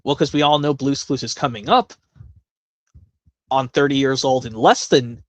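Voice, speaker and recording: A man's voice: medium pitch, normal speed, no echo. A man hosting a casual live stream, chatting in a rambling way with many self-corrections.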